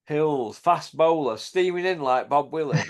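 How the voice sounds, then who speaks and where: A channel host leads a casual, jokey chat about boxing, mocking people in slangy banter. His voice is a little high with lively intonation and an unhurried pace.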